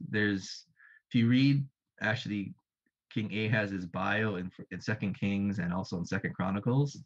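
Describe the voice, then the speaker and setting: A man with a fairly low voice preaches a sermon in a loose, conversational way. He restarts phrases, corrects himself and keeps checking in with the congregation. The audio is a dull, muffled church stream. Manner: conversational, many fillers and self-corrections.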